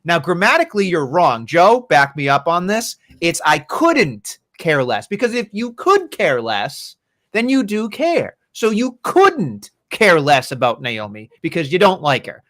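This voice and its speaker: A man's voice: high voice, sing-song, a little slow, fairly bright tone. A man co-hosting a podcast, chatting casually about wrestling in a rambling, profane way. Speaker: podcast co-host.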